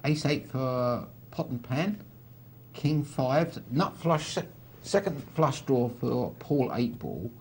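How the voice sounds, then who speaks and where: Talk the hands through like a poker commentator. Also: male voice, medium pitch, lively intonation, takes it slowly, a little hiss or hum. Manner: chatty, dry teasing asides.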